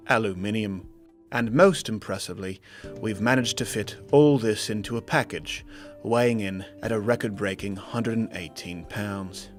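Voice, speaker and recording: A proud, polished tech product announcer, as a man puts him on, delivering a launch pitch in a smooth, lowish voice. Faint music runs underneath. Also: close to an everyday voice. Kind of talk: mock product-launch ad voice-over.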